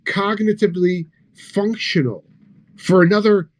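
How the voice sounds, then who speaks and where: Speaking a little slowly, a man rips into news clips with profane, sarcastic jabs, his crude remarks swinging from loud bursts down to quiet mutters.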